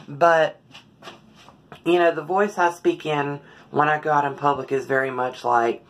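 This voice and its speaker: A woman speaks at a slow, unhurried pace in a personal, confessional vlog. Her voice sits unusually low and carries a slight hoarseness. She halts often, with fillers and frequent throat clearing. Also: fairly even intonation. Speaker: vlogger.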